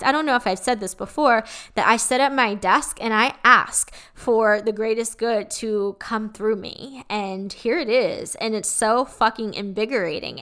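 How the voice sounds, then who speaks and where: A woman hosting a solo motivational podcast, giving an energetic, hyped-up pep talk full of swearing. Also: a little high. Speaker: podcast host.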